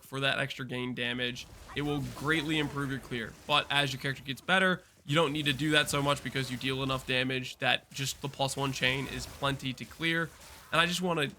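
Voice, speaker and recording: A man's voice: mid-range voice, pushed and bright, slight background noise. A man casually talking through a game build guide while playing, chatty and explanatory, with loose restarts. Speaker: gaming content creator.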